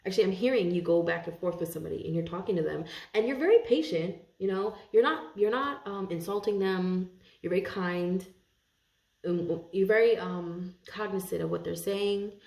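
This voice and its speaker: A woman giving a casual tarot reading to her viewers, chatty, laughing often and thinking aloud with many pauses and restarts. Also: fairly low pitch, vocal fry, a little mellow. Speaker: tarot reader. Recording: roomy echo.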